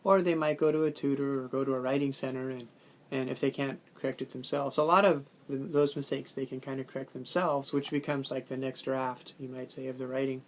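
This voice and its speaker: A man giving a loose, unscripted lecture, thinking aloud as he goes. His talk is full of fillers and restarts. Now and then he acts out quick exchanges between a student and a teacher in a questioning tone. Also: medium pitch, level tone. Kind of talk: casual lecture recording.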